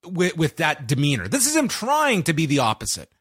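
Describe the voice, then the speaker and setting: A man's voice: fairly high pitch, huge pitch swings, brisk, fairly bright tone, husky, dry recording, studio quality. A man co-hosting a wrestling podcast, recapping an episode in a sarcastic, casual way. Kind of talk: casual chat.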